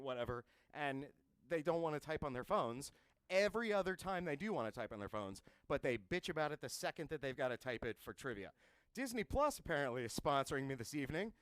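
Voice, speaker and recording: A man's voice: mid-range voice, fairly bright tone, no room sound. A man hosting a live-streamed trivia game, chatty and wisecracking, with a self-mocking streak. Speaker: trivia host.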